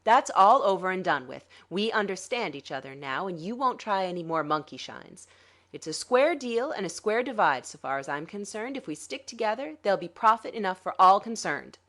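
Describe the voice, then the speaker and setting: A cool, scheming male swindler, voiced by a woman narrator, dry and condescending. The delivery lilts up and down with animated sarcasm. Heard in a dramatic audiobook reading. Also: mid-range voice, normal speed. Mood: smug.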